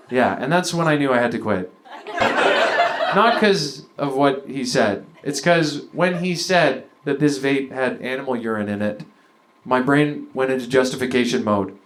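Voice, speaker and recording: A man's voice: medium pitch, moderate pace, slight background noise. Rambling Canadian stand-up guy, crowd audible. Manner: rambling, self-deprecating, acts out quoted people in bursts. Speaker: stand-up comedian. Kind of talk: stand-up comedy set. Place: comedy venue before a live audience. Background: audience laughter.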